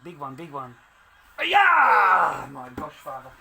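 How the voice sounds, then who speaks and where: Man, father, playful teasing, sing-song and lively, home garage recording. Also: a little fast, over a noisy crowd. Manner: playful teasing, with squeaky high put-on bursts. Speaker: father playing with his young child. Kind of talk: casual home video.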